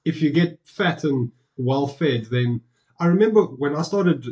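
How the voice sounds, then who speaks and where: A man's voice: a little high, lively intonation, measured pace, darkish tone. Profane ranting man, dull lo-fi sound. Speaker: podcast co-host. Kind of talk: casual chat. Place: home study.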